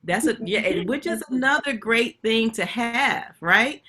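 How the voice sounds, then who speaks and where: A woman's voice: medium pitch, animated, normal speed, hardly any pauses, fairly bright tone, breathy edge. A woman hosting a webinar, chatting and telling stories straight to her audience over a video call. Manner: chatty storytelling, addresses audience directly. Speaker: webinar host. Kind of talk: casual webinar talk.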